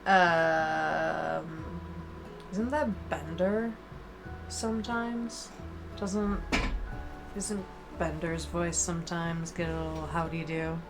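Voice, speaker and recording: Unhurried, chatty woman streamer. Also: lowish voice, steady tone, over music. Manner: playful, chatty, giggly asides. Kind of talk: casual live-stream commentary while reading a game aloud.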